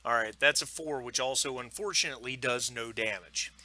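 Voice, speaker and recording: A man's voice: mid-range voice, fairly quick, pushed and bright. A man narrating and explaining the rules as game master of a tabletop game, talking loosely with many fillers. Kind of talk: running a tabletop game online.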